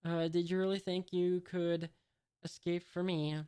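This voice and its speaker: A reader voicing a menacing, heavyset female pirate captain, read out flatly. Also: mid-range voice, unhurried, clear, resonant tone, natural voice. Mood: threatening. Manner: flat reading.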